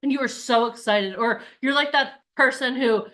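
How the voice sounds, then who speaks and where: A woman's voice: on the high side, moderate pace, fairly bright tone. A woman coaching an online bootcamp, talking in an upbeat, chatty way and acting out the voices of people's inner thoughts. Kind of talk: live online workshop talk.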